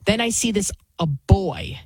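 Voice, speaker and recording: A woman's voice: mid-range voice, animated, measured pace, slightly rough, no echo, low-quality recording. A woman who works as a TV news host, talking in a blunt, opinionated and rambling way, often restarting her sentences. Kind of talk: casual spoken monologue.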